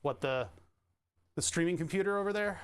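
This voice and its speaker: A man's voice: high voice, a little fast, smooth. A man chatting casually on his stream, rambling and restarting sentences with little chuckles. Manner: rambling, self-interrupting, chuckling.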